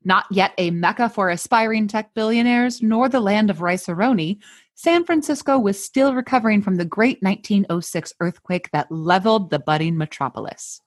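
A woman's voice: medium pitch, normal speed. A woman hosting a podcast, mixing casual chat with a scripted story told in a playful, jokey way. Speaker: podcast host.

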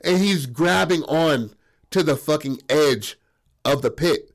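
A man telling a story in casual chat, profane and animated, acting out the voices. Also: on the high side, slow pace.

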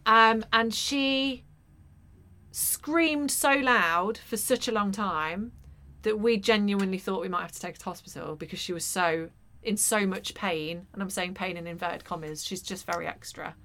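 A woman in her thirties, a podcast co-host telling an animated, sweary story in casual chat. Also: mid-range voice, moderate pace.

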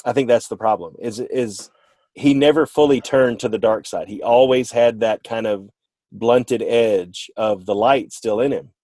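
A man's voice: medium pitch, a little slow, mellow, dry recording. Rambling man in casual chat. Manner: rambling, self-correcting, playful. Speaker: podcast co-host.

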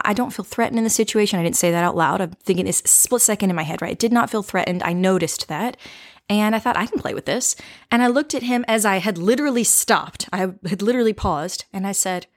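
A woman hosting a show, telling a personal story as a lesson in a playful, animated way, often checking in with "right?" and laughing. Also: mid-range voice, brisk. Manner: animated, with frequent tag questions. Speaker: podcast host.

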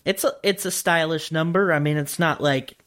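A man's voice: a little high, normal speed, fairly bright tone. A man co-hosting a casual comedy podcast, joking crudely and rambling between laughs. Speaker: podcast co-host.

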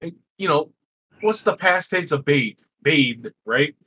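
A man co-hosting a podcast, telling a family story in a casual, animated way with lots of fillers and swearing. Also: on the high side, unhurried, breathy edge, rough recording. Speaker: podcast co-host. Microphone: game console headset. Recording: faint noise, home recording.

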